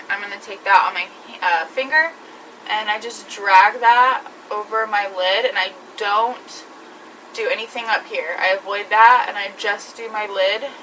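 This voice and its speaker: A woman with a bright, crisp voice explains each step of her makeup in a chatty vlog. She sounds set back from the mic, with a faint hum of the room behind her. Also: mid-range voice, far from the mic, poor audio. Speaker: beauty vlogger. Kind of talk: makeup tutorial.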